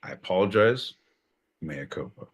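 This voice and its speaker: A man's voice: low voice, animated, moderate pace, slightly rough. A man co-hosting a podcast, bantering casually, swearing and teasing with exasperation. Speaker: podcast co-host.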